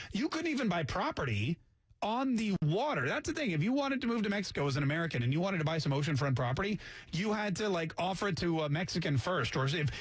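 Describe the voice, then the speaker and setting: Male talk radio host, high husky voice, sarcastic and joking, close dry studio mic. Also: no room sound. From Canada. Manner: sarcastic, mocks accents with jokey asides. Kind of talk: casual talk radio monologue.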